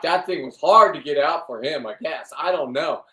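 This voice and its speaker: Fifties male vlogger, foul-mouthed and jokey, high-ish voice, recorded off-mic in an echoey room. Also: lively intonation, normal speed, few pauses. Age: 50s. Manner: crude, profane, loud and joking. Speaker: fishing and diving vlogger. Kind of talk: casual rambling monologue. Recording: roomy, from a distance.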